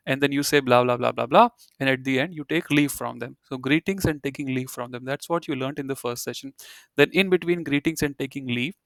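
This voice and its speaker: A man's voice: mid-range voice, gravelly, fairly bright tone, no echo, studio quality. A man teaching German in an online video-call class, explaining at an easy pace with many "you know" fillers.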